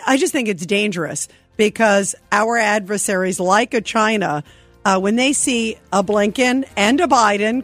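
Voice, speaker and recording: A woman hosting a talk radio show, speaking emphatically and indignantly, firing rhetorical questions. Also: medium pitch.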